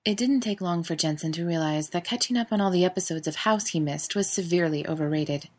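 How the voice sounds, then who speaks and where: A woman reading fan fiction aloud in an even, intimate storytelling manner. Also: on the low side, fast. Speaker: narrator.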